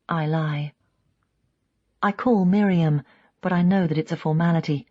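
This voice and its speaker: A woman's voice: deep voice, fairly even intonation, unhurried, long pauses, darkish tone, lo-fi sound. Reflective woman narrating an audiobook. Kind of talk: first-person audiobook narration.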